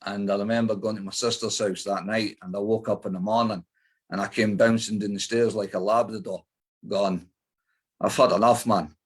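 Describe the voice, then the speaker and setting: A man's voice: on the low side, little pitch movement, brisk, breathy edge. A middle-aged man with an Edinburgh Scottish accent, a guest in an interview, telling his life story bluntly with lots of swearing and fillers. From Scotland.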